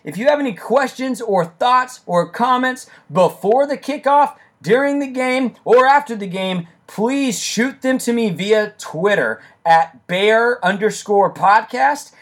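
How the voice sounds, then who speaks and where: A young man hosting a casual sports podcast, enthusiastic and excitable, speaking close into his microphone and breaking into shouts. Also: very high voice, measured pace, hardly any pauses. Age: young adult. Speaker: podcast host.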